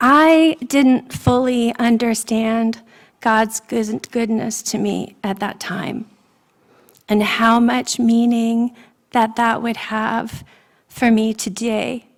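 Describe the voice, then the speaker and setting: A woman's voice: fairly high pitch, steady tone, slow pace. A woman preaching a sermon in a church, sharing personal testimony in an earnest, emotional way. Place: church sanctuary.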